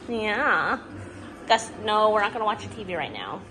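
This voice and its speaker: A woman's voice: mid-range voice, very animated, normal speed, pushed and bright, a little hiss or hum. A woman introducing her dogs in a casual pet vlog, talking to them in affectionate baby talk at home. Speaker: dog owner.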